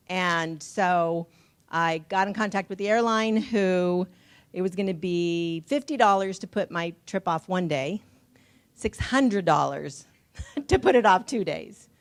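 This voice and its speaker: Woman telling a lively personal story. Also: lowish voice. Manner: lively anecdotal telling with laughs. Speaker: events committee member sharing. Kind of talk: personal storytelling at a recovery meeting.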